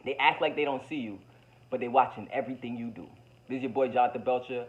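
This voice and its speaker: A man's voice: mid-range voice, quick pace, dull audio. A man vlogging a motivational monologue to his viewers, preachy and slangy, repeating himself and calling them baby.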